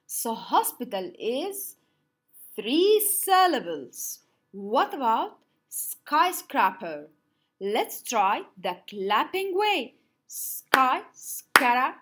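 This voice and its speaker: A woman teaching an online lesson, saying words slowly and stretching them out to clap their syllables. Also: fairly high pitch, sing-song, heavy background noise. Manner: slow, drawn-out words for clapping syllables; some slips and restarts.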